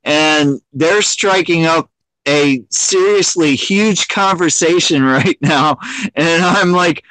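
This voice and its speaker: Guy rambling on a livestream, lots of restarts, kinda high voice, dry close sound. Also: slow pace, a bit bright, no room sound, low-quality recording. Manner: rambling, many restarts, laughs often. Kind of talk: casual chat.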